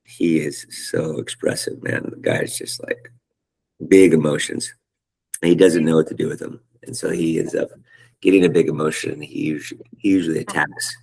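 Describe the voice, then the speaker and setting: A middle-aged man leading a casual spiritual study group over a video call, talking in an animated, rambling way and searching for words. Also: a bass voice, normal speed, creaky, breathy edge, poor audio.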